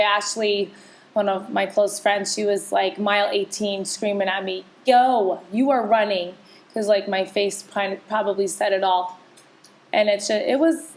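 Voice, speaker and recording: A woman co-hosting a podcast, talking candidly and emotionally in casual chat with many restarts. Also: mid-range voice. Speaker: podcast co-host.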